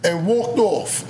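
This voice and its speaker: A man's voice: high-pitched, noisy background. A man, a rapper telling a long story with constant laughter, slang and swearing. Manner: laughs through his lines, swears freely, slangy. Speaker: rapper guest. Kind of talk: animated anecdote telling.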